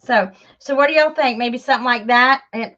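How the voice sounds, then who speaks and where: A woman's voice: fairly high pitch, a little fast, bright, forceful tone, lo-fi sound. A woman chatting casually and self-deprecatingly to her viewers while she crafts, with lots of fillers. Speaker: crafting channel host.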